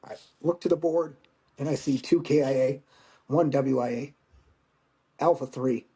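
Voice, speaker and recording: Podcast guest, man in his 40s, veteran recounting combat loss, halting and raw, blunt language. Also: mid-range voice, dark tone. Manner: halting, emotional storytelling with profanity. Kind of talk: personal war story in conversation.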